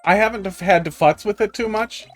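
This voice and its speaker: A man's voice: high voice, brisk. A man streaming a video game, chatting casually with viewers and telling rambling, profane tech stories with dry humor. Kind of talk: casual live-stream chat. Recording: faint music underneath.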